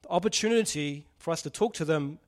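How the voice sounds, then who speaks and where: A man's voice: a little high, a little fast. A man preaching a casual sermon, joking and putting questions to the congregation. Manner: chatty, jokey, asks the audience questions.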